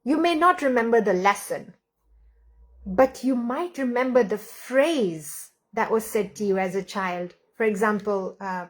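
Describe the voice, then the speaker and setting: A woman's voice: mid-range voice, animated. A woman in her thirties, a parenting coach, speaking earnestly and telling stories from her own family. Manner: slow, earnest, storytelling with acted quotes. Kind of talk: reflective talk to camera.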